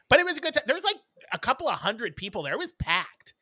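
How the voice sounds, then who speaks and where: A man with a bright, forceful voice co-hosts a casual podcast. He tells stories bluntly and with plenty of snark, in a dry, close sound. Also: very high-pitched, big pitch swings, brisk, slightly rough, no room sound. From New York. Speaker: podcast co-host. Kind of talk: casual chat.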